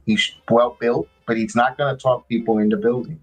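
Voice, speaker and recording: A man's voice: medium pitch, steady tone, faint music behind, poor audio. A man hosting a live watch-along, chatting casually and rambling with frequent restarts and fillers. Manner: rambling, halting, many restarts. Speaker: podcast host.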